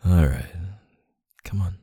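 A man speaking softly and closely in an intimate audio role-play, murmuring like a partner. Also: deep voice, takes it slowly, slightly rough, no echo, studio quality.

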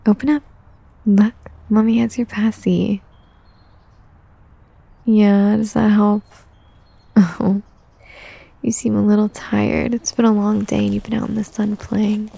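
A young adult woman performing a whispered role-play, talking softly and soothingly like a coaxing caretaker. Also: mid-range voice, flat delivery, unhurried, vocal fry, long pauses, a little hiss or hum. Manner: soothing, coaxing caretaker talk, mostly soft and close.

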